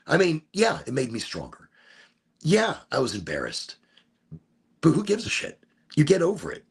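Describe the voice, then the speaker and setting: A middle-aged man from Chicago telling a rambling story on a live stream, animated and swearing, with sudden shouts when he acts out voices. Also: medium pitch, normal speed. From Chicago, USA. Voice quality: gravelly and husky. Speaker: streamer hosting a smoke session.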